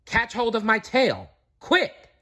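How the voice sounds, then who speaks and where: A man's voice: very high-pitched, wildly swooping pitch, takes it slowly, no room sound, studio quality, voice pushed up, full character voice. A man doing a stern, commanding fox leader. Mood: urgent. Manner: stern, shouting orders.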